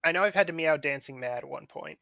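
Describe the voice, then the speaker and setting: A man's voice: fairly high pitch, fast talker, vocal fry, crowd noise. A man commentating a charity game stream, laid-back and laughing often.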